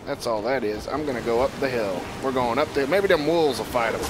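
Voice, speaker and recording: A man's voice: mid-range voice, brisk, hardly any pauses, noisy background. A man streaming a video game, rambling and joking in casual commentary and talking back to the characters on screen. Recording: game music playing under the voice.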